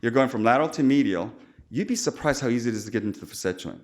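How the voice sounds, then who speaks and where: A man gives a surgical talk at a conference podium, speaking in an easy, conversational way. He slips in jokes and acts out little exchanges with trainees, and his voice sits at an ordinary middle pitch. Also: animated, very fast, darkish tone. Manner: informal, chatty, jokey with quoted asides. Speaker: surgeon lecturer. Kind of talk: conference lecture. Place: lecture hall.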